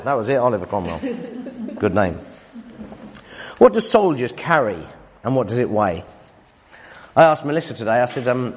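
A man preaching a sermon in a hall, animated and teasing, with emphatic swings in his voice. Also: medium pitch, unhurried, pauses often, slight background noise. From United Kingdom. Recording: reverberant hall sound.

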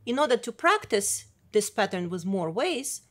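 A middle-aged woman, a piano professor, explaining practice strategies in a clear, demonstrative teaching manner. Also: mid-range voice, sing-song, normal speed. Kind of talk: instructional video lesson. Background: piano playing.

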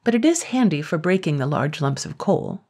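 A woman's voice: low voice, sing-song, normal speed, darkish tone, breathy edge, exaggerated voice. A woman voicing a timid, trembling male blacksmith who stammers with nervous politeness.

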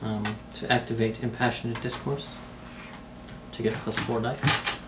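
A man's voice: mid-range voice, fairly even intonation, a little slow. A man playing a tabletop game, talking his moves through and joking with the table. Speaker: player. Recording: roomy, distant mic with loud background noise.

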